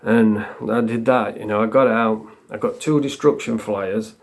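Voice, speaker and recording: A man's voice: lowish voice, steady tone, a little slow. Rambling man telling prison stories. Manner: rambling, swearing, laughs at own stories; acts out quotes with shouts. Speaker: vlogger. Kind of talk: casual storytelling.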